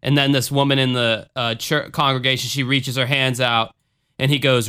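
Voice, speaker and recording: A man in a casual chat, slangy and animated, peppering his speech with "like". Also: medium pitch, normal speed, clean tone.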